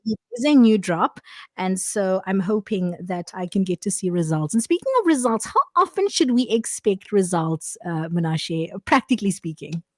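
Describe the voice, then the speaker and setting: A woman's voice: medium pitch, expressive, normal speed, darkish tone, dry recording. Upbeat woman radio host. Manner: brief backchannels, upbeat questions. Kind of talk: radio interview. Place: radio studio.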